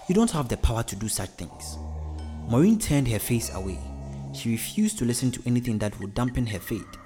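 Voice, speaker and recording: A man's voice: medium pitch, dark tone. Man reading a storybook aloud. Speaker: narrator. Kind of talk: storybook narration.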